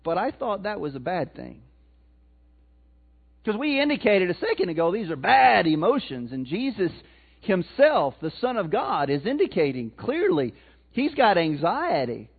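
High-voiced preacher, tinny sound. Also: male voice, very animated, moderate pace, slightly rough. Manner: conversational preaching with questions to the congregation. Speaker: pastor. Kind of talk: sermon.

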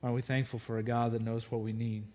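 A man preaching a sermon, earnestly reading scripture aloud and reflecting on it. His voice sits at an ordinary middle pitch. The recording sounds a little dull and lo-fi. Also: little pitch movement, quick pace, mellow.

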